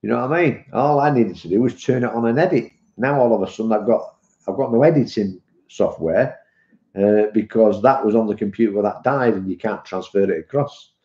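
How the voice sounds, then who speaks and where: A middle-aged British man, a vape reviewer and live streamer, chats casually on his stream, rambling and calling viewers "mate." His voice is fairly low, mellow and a little fast, with a British English accent. The audio sounds muffled, as if recorded in an echoey room.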